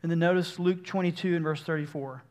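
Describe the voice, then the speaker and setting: A man's voice: on the high side, steady tone, quick pace, a little mellow. A man preaching a sermon, explaining scripture earnestly and acting out the speakers in his own words.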